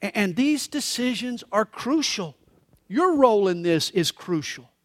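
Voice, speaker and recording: Male pastor preaching a live sermon, high voice with a wide, lively swing, dry close sound. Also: unhurried, no echo. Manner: expressive storytelling preacher. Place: church service.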